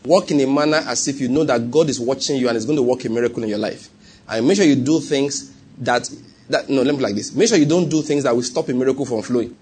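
A man's voice: mid-range voice, quick pace, darkish tone, slightly rough. A man with a Nigerian accent preaching a sermon and telling a personal story, often checking whether the congregation follows him. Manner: conversational, asks the congregation if they follow.

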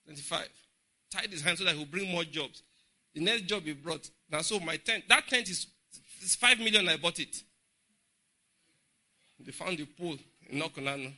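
A middle-aged man with a Nigerian English accent preaching a humorous, animated Bible study sermon in church. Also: fairly high pitch, vocal fry. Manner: humorous, laughing, animated storytelling. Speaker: pastor.

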